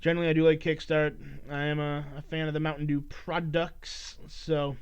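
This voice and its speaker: A man with a somewhat high, smooth voice delivers his casual solo podcast flatly at normal speed. He rambles and curses while teasingly scolding listeners, and the recording is dull and lo-fi.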